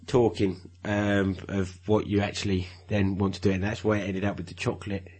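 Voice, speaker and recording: A man's voice: fairly low pitch, level tone, brisk, darkish tone, breathy edge. A man co-hosting a podcast, rambling through stories, repeating words and joking. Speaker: podcast co-host. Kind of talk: casual banter.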